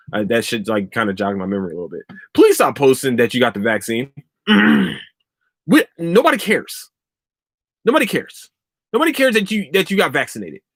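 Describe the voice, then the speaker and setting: Young male podcast host, solo rant, cursing freely, slightly high voice, dry close sound. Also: no echo. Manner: profane, animated ranting.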